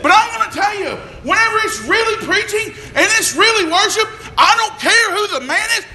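A man preaching a sermon, swinging between shouts and hushed tones. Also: very high voice, expressive, fairly quick. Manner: shouts and drops to a hush, preacher cadence. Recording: echoey room with faint noise.

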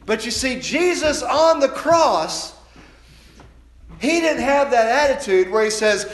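A man preaching a sermon, moving from calm teaching to loud, fervent passages and acted-out quotes. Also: normal speed, reverberant. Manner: builds from calm teaching to loud, high-pitched fervor.

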